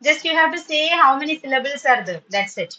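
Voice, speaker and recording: A woman teacher with a bright, ringing tone pitched a little high. She is patient and encouraging, with frequent words of praise, and slips into when she explains something to her students. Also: animated, fast talker, lo-fi sound. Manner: switches into Tamil when explaining. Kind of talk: online spoken English class.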